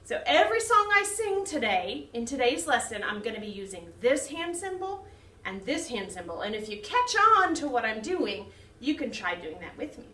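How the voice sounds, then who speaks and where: Bright, lively woman teaching young children. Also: a little high. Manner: slow, sing-song, talks to young children. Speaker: children's choir director. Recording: echoey room, mic some distance off.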